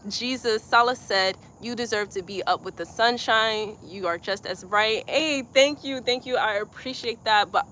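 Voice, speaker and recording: Bright-voiced woman teaching yoga. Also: on the high side, a little hiss or hum. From Georgia, USA. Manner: soft, slow breathing cues mixed with chatty comment reading. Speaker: yoga instructor. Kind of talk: live-streamed yoga class.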